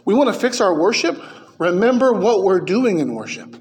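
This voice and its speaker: A man preaching a sermon as pastor, emphatic, with his pitch and volume rising and falling. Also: sing-song, moderate pace.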